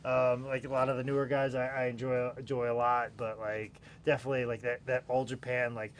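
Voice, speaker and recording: A man in his forties hosting a live online auction, chatting in a rambling, excitable way and stumbling over his words. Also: mid-range voice, fairly quick, a little hiss or hum. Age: 40s. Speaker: host and auctioneer. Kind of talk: casual live-stream chat.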